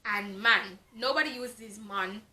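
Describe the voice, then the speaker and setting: A woman's voice: medium pitch, takes it slowly, sharp tone. A woman from Jamaica with a Jamaican accent, giving a frank, exasperated casual book review with lots of fillers. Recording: echoey room.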